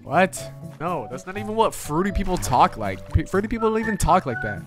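A man's voice: high voice, sing-song, a little fast, music in the background. A man co-hosting a casual gameplay chat, flustered and exclaiming, often repeating himself. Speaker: gaming channel co-host.

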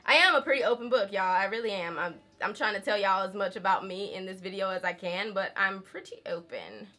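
Bright-voiced Southern woman vlogging at home. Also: mid-range voice, fairly quick. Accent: Southern American. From Southern United States, rural. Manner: chatty, candid, frequent laughs, says y'all. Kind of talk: casual chat to camera.

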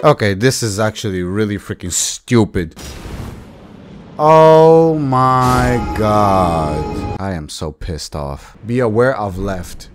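A man's voice: fairly low pitch, lively intonation, takes it slowly. Young man ranting over game music. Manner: exasperated, shouts in frustration. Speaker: gaming streamer. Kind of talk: live gameplay commentary.

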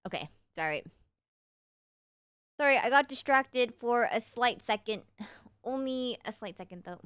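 A woman's voice: fairly high pitch, expressive, a little slow, fairly bright tone, clean tone, no room sound. A young woman streaming live, casually chatting and answering her viewers' questions in a playful way, humming little nonsense sounds between thoughts.

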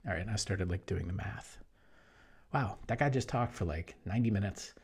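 A man talking as an online business coach in a casual promotional monologue, energetic, jumping between loud bursts and hushed asides. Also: lowish voice, normal speed, gravelly, slightly rough. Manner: mimics other people in quoted voices.

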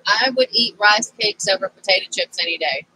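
A woman's voice: medium pitch, expressive, a little fast, sharp tone, a little hiss or hum, low-quality recording. A woman vlogging casually to camera as she works on a craft project, rambling and easily sidetracked.

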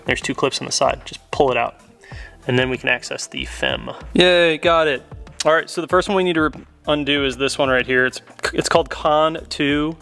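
A man's voice: mid-range voice, big pitch swings, brisk, vocal fry, fairly bright tone, faint music behind. A young man giving a casual, upbeat step-by-step car install tutorial. He chats to viewers while working inside a car. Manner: chatty, upbeat, addresses viewers as guys. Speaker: car modification vlogger.

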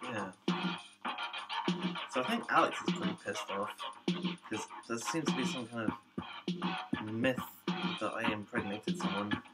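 A man's voice: lowish voice, measured pace, long pauses, rough recording. A young man, a rapper, rants in a rambling, profane and defensive vlog monologue. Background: music.

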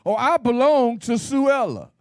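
A man's voice: very high-pitched, animated, normal speed, no room sound, studio quality. A man preaching at a Bible study in a folksy, playful style, with call-and-response and laughter. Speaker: pastor.

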